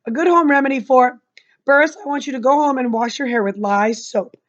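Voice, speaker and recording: A woman's voice: high voice, brisk, muffled recording, voice pushed up, natural voice. Woman reading as a flustered young schoolteacher.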